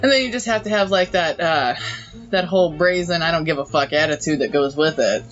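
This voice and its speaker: A man's voice: fairly high pitch, brisk, a bit bright, dull audio, soft background music. A man co-hosting a podcast, chatting casually in a giggly, rambling, profane way. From United States. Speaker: podcast co-host. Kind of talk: casual chat.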